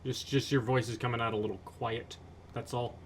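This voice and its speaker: A man's voice: medium pitch, little pitch movement, fairly quick, slight background noise. A man co-hosting a gameplay commentary, teasing and playful in casual chat over a voice call.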